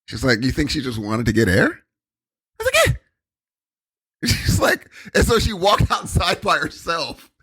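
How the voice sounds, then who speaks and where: A young man co-hosting a podcast in casual chat. He tells stories in a rambling way, full of fillers, and his pitch swings widely as he slips into quoted voices. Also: big pitch swings, moderate pace, pauses often, fairly bright tone, breathy edge. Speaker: podcast co-host.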